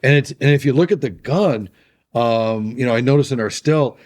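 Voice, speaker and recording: A man's voice: medium pitch, moderate pace, a little mellow. A man co-hosting a casual podcast chat, talking loosely with lots of fillers and laughs. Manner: chatty, laughs often, filler-heavy. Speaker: podcast co-host.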